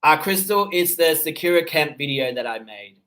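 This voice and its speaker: A man with an Australian accent tinged by his parents' Seychellois English, hosting a casual livestream, chatting and answering viewer comments in a relaxed way with easy laughs. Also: fairly high pitch, moderate pace. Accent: Australian, mixed with his parents' Seychellois English. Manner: relaxed and conversational, with easy laughs and frequent fillers. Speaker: livestream host.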